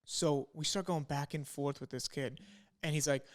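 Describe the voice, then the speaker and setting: Young man telling stories, smooth higher voice. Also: fairly even intonation, normal speed. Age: young adult. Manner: laid-back, peppered with "like" and "you know". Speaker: podcast co-host. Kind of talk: casual storytelling chat.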